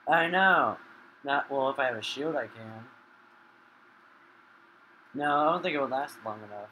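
Bright-voiced swearing gamer guy. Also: mid-range voice, a little slow, slight background noise, rough recording. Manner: swears a lot, flares into loud rage. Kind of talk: casual gaming commentary.

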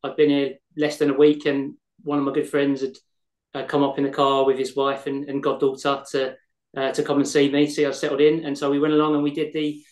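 A man's voice: medium pitch, completely flat delivery, brisk, a little mellow. An English man co-hosting a podcast, chatting casually and repeating words as he talks. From England. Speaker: podcast co-host. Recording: echoey room.

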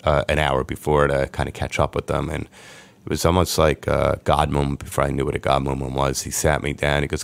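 A man, a podcast guest, telling his life story in a lively way and acting out the voices of people he quotes. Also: a bass voice, brisk, vocal fry, no echo. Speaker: podcast guest, sports agent. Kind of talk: storytelling interview.

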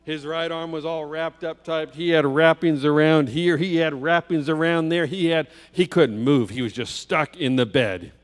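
A man's voice: fairly high pitch, moderate pace, few pauses. Man telling a story in a reverberant church. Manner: vivid storytelling with rhetorical questions. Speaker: guest preacher. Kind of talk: children's story sermon. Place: church sanctuary. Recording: long church hall reverb.

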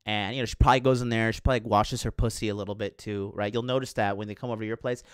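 A man's voice: on the low side, steady tone, racing, clean tone, no room sound, studio quality. A man hosting a dating show, talking casually and crudely to his live chat viewers, rambling and swearing as he tells stories. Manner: crude, profane, rambling storytelling. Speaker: dating coach host.

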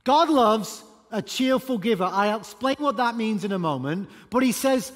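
High-voiced pastor preaching in a reverberant church. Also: male voice, normal speed, few pauses. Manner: animated, emphatic preaching with sudden loud bursts. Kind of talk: sermon. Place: church auditorium.

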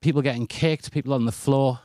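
A man's voice: mid-range voice, brisk, dry recording, clean studio sound. A British man preaching a sermon, telling stories in a chatty, self-deprecating way. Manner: anecdotal, chatty and lively, with self-deprecating asides.

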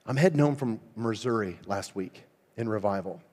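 A man preaching at a revival service, telling a story in a lively, conversational way and laughing often. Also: on the low side, normal speed. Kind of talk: storytelling sermon. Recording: long reverb in a church hall.

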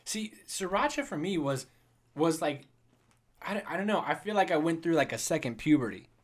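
A man's voice: on the high side, lively intonation, normal speed. A man co-hosting a podcast, chatting casually and rambling off on tangents about food. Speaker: podcast co-host. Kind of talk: casual chat.

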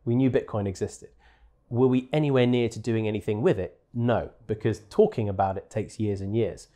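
A man being interviewed at a conference, telling his story in an animated, self-deprecating way. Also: medium pitch. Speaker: interview guest, crypto exchange executive. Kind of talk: conversational interview. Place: conference venue.

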